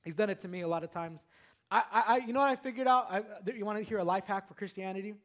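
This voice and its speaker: A male pastor delivering a sermon in a very high voice. He preaches in an animated, repetitive way and keeps calling out to his congregation. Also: fast.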